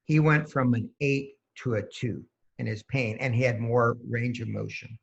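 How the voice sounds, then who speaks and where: Gravelly man explaining his healing method. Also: mid-range voice, steady tone, normal speed. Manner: walks through his method step by step, acting out client exchanges. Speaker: holistic energy practitioner, guest. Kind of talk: explanatory interview talk. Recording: dull lo-fi sound.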